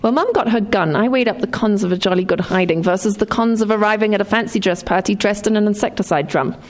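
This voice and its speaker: A woman born in England reading her own memoir with dry wit, then talking about writing it. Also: medium pitch. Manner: dry, wry storytelling.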